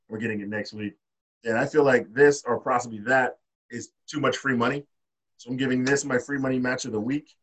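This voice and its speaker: A man's voice: medium pitch, a bit bright. Profane man recapping wrestling. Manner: loose and profane, reading off his notes. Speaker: podcast host. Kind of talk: casual wrestling recap chat.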